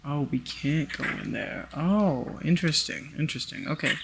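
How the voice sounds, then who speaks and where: Gravelly young man narrating VR play. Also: on the high side, animated, slow pace, long pauses, bright, forceful tone, a little hiss or hum. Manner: rambling, swears casually, talks to the game characters. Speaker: gaming YouTuber. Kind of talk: casual VR gameplay commentary.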